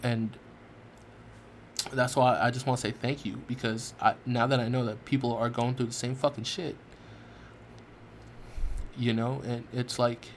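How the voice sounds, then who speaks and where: A man's voice: mid-range voice, little pitch movement, measured pace, long pauses, a little hiss or hum. Earnest man swearing through a podcast monologue. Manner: earnest, repetitive restarts, heavy swearing. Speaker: podcast host. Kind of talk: heartfelt personal monologue.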